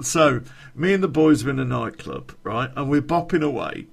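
A man's voice: mid-range voice, expressive, moderate pace, vocal fry, slightly rough. A man telling a rambling podcast anecdote, chuckling and swearing as he goes. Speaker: podcast storyteller.

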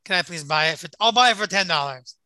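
Fed-up shopper guy as a man acts him out in a story, sharp bright voice, dry sound. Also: sits high, expressive, fast, dry recording, heavily acted. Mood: exasperated. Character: gruff impatient male shopper.

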